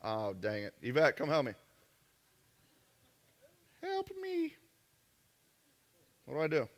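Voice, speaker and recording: A man giving a live marketing seminar talk to an audience, joking and brash, tossing quick asides to the crowd. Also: mid-range voice, animated, big-room sound. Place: event room with an audience.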